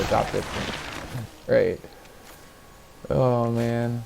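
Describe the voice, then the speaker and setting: A man's voice: medium pitch, slow pace, vocal fry, pauses often, darkish tone, a little hiss or hum. A man hosting a card game video, rambling casually through his deck and gameplay and chuckling at his own slips. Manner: rambling, chatty, laughs at himself. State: yawning, a little tired. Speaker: gaming video host.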